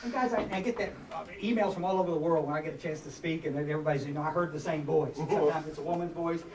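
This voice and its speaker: A man's voice: a little high, rapid-fire, a little mellow. A man with a drawl in his forties, giving a rambling, self-mocking personal talk to a recovery meeting, with many fillers and restarts. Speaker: speaker at a recovery workshop. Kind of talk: personal share to a live group. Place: meeting hall. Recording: echoey room, far from mic, noisy.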